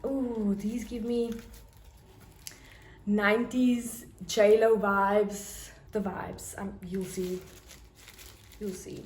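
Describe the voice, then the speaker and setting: A woman's voice: mid-range voice, takes it slowly, pauses often. A young South African woman with a South African accent, gushing over her haul in a casual fashion vlog. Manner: gushing, bursts into excited squeals. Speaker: fashion vlogger. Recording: echoey room with faint noise.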